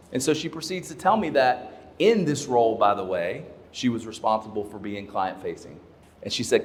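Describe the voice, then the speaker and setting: A man's voice: mid-range voice, fast talker. Emphatic male keynote speaker in a hall. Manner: emphatic storyteller who repeats key points. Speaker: leadership speaker. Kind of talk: keynote talk to a live audience. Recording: long hall reverb.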